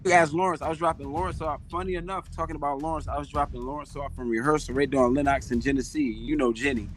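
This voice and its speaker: A man, a professional boxer, telling stories, slangy and quick to laugh. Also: on the high side, fairly even intonation, faint music behind. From Rochester, New York. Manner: laid-back, laughs easily, slangy. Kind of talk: casual podcast interview.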